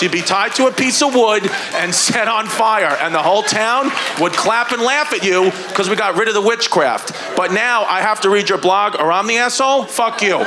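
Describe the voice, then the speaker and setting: A man's voice: sits high, noisy background. A man doing a stand-up set on a comedy stage, riffing brashly with profanity and mimicking his father on a handheld mic. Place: comedy stage before a live audience.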